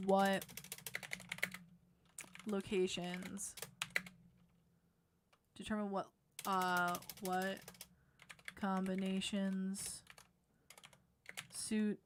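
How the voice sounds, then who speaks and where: A woman's voice: medium pitch, noisy background. Woman muttering through a game design. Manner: thinking aloud, trailing off into quiet mutters. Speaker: game dev streamer. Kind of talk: live-streamed coding and design talk. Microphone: desk microphone. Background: keyboard typing and clicks.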